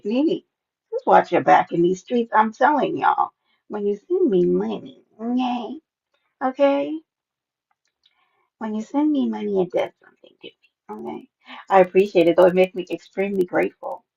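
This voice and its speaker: A sassy woman chats to her viewers on a live stream, her voice gravelly with fry. She is animated and teasing and often pops up high for playful greetings. The sound is dull and lo-fi.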